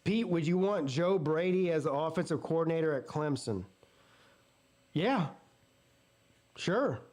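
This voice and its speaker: Male host with a Southern accent, high voice, live game reaction, excitable play-by-play. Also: measured pace. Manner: excitable play-by-play, jumps up in pitch on big plays. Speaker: sports streamer host. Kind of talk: live watch-party commentary.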